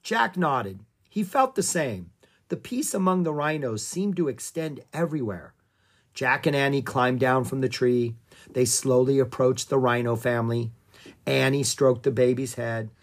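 An audiobook narrator reading a children's story aloud in a calm, expressive way. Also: mid-range voice, a little slow.

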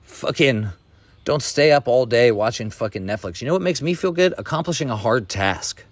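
A man's voice: medium pitch, animated, normal speed, no echo. A man hosting a podcast, giving a blunt, profane, fired-up motivational rant in casual talk. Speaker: podcast host.

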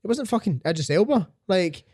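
A man's voice: high voice, animated, a little fast, warm tone, breathy edge, no room sound. Blunt sweary man, dry mic. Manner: blunt, sweary, emphatic ranting. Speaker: podcast host. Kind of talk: casual opinionated chat.

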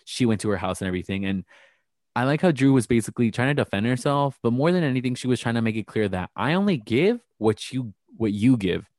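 A man's voice: mid-range voice, lively intonation, fast talker, a little mellow, dry recording, clean studio sound. A young man hosting a casual recap chat, gossipy and chatty, full of fillers. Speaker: podcast host.

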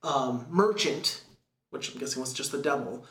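A man casually retelling a film's plot in a rambling, filler-heavy way, now and then slipping into quick quoted voices. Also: mid-range voice, expressive, fairly bright tone. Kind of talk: casual chat recapping a film. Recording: echoey room.

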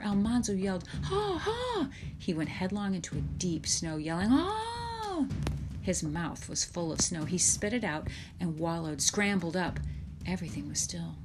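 Low-voiced woman reading a children's story. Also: moderate pace, music in the background. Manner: steady storytelling, lively for dialogue. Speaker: audiobook reader. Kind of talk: scripted narration.

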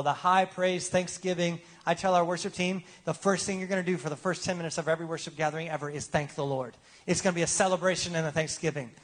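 A man preaching a sermon as pastor in a casual, joking way, often asking the congregation for replies. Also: on the high side.

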